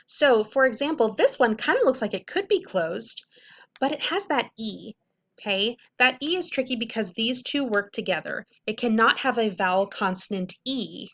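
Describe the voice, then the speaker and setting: A woman's voice: medium pitch, animated, normal speed, fairly bright tone. A young woman teacher patiently explaining a reading lesson to middle schoolers, checking in often. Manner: clear, patient explaining with frequent "okay?" checks.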